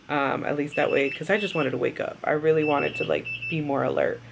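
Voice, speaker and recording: Tired young woman chatting, slightly gravelly. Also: sits low, fairly even intonation, a little fast, hardly any pauses, noisy background. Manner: chatty, rambling with many fillers. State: tired and drowsy after surgery. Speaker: vlogger. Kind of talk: casual storytelling vlog.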